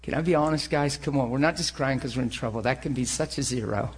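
A man preaching and telling his own story in a sermon, with animated storytelling that rises to shouts. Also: medium pitch, quick pace, breathy edge. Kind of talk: sermon testimony.

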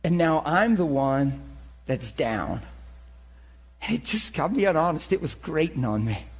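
A man preaching and telling his own story in a sermon, with animated storytelling that rises to shouts. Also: on the high side, husky. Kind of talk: sermon testimony.

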